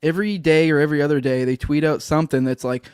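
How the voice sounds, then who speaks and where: A man's voice: on the high side, fairly even intonation, fast, a little mellow, smooth, dry recording, studio quality. A man co-hosting a podcast in casual chat, profane and mocking, laughing often. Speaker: podcast co-host.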